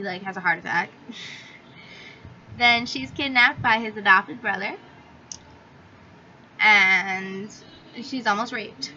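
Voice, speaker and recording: Bright-voiced chatty young woman vlogger. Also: mid-range voice. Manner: chatty, filler-heavy, swears freely. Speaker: book reviewer. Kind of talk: casual book review vlog. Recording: slightly dull audio with faint hiss.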